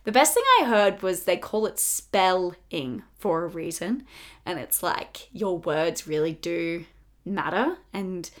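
A young woman hosting a casual self-help podcast, chatty and bubbly, full of fillers and quick laughs. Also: on the low side, animated. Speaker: podcast host.

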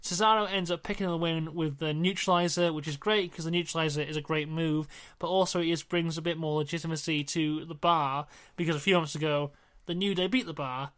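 A man's voice: on the high side, fairly even intonation, brisk, a bit bright, clear, resonant tone. A young man co-hosting a podcast, casually recapping in a wry, rambling way. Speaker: podcast co-host. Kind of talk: casual chat reviewing wrestling.

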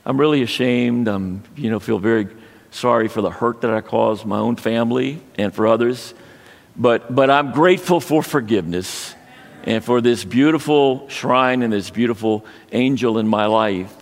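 A man preaching a sermon, telling a personal story in a halting way with frequent restarts. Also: medium pitch. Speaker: pastor. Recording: long hall reverb.

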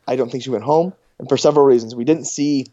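A man's voice: mid-range voice, fast, dark tone, muffled recording. A man co-hosting a podcast in casual chat, joking and laughing often as he talks. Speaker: podcast co-host.

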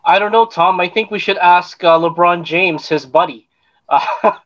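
A man co-hosting a casual sports podcast, talking haltingly with many restarts. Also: high voice, fairly bright tone, muffled recording. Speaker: podcast co-host.

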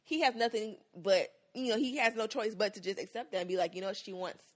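A young woman co-hosts a casual podcast. She talks in a lively way and acts out little quoted voices as she goes, laughing often. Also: fairly high pitch, fairly quick. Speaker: podcast co-host.

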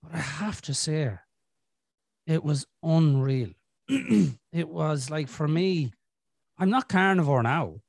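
A man's voice: a little high, darkish tone, no echo, clean studio sound. A man hosting a podcast, telling his own story in a candid, casual way and swearing often. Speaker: podcast host. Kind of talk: casual conversation.

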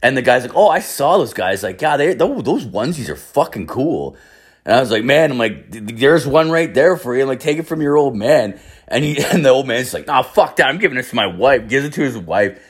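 A young man from Ireland telling a rambling, swear-filled party story in casual chat, acting out quotes with sudden jumps in pitch. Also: lively intonation, brisk, breathy edge. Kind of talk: casual anecdote, heavy swearing.

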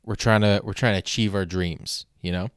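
Low-voiced man rambling wryly on a podcast. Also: fairly even intonation, fairly quick, clear, resonant tone, no room sound, studio quality. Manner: rambling, wry, self-deprecating, frequent fillers and restarts; swears casually. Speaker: podcast host. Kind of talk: casual solo podcast monologue.

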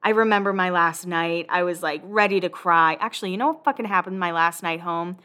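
A young woman chats through a show recap in a bright, forward voice. She talks loosely and swears freely as she goes. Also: lowish voice, brisk. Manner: chatty, swears freely, quotes people in animated voices. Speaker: podcast host recapping a reality show. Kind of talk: casual recap chat.

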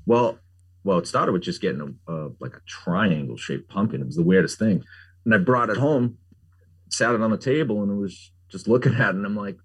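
Middle-aged guy rambling about his carving jobs, deep husky voice, lots of "like". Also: lively intonation, brisk. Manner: rambling, frequent "like" fillers, jokey. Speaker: guest, pumpkin carver. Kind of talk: casual conversational interview.

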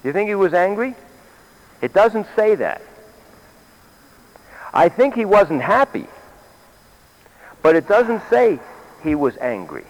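A man's voice: high voice, big pitch swings, slow pace, long pauses. An older man, a grandfather, preaching a sermon in a meeting hall, questioning his listeners and repeating key phrases.

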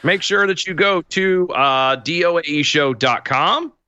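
A man's voice: on the high side, a little slow, clean tone, dry recording, muffled recording. A man co-hosting a show in casual, jokey banter, plugging the show and riffing. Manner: animated, jokey, plugs the show. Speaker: podcast co-host.

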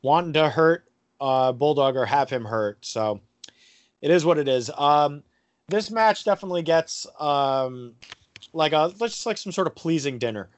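A man's voice: on the high side, lively intonation, measured pace, no echo. A man hosting a casual podcast, rambling with lots of fillers and crude jokes. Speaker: podcast host.

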